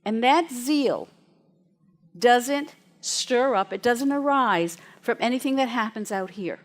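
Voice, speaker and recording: A woman minister giving a sermon to her congregation. She tells stories in a chatty, lively way and laughs as she goes. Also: on the high side, takes it slowly.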